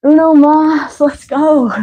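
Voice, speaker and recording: Woman fitness instructor, winded, counting reps, unhurried delivery, soft dark tone. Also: high voice, low-quality recording. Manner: counting reps, breathy and winded between cues. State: out of breath. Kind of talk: live workout instruction.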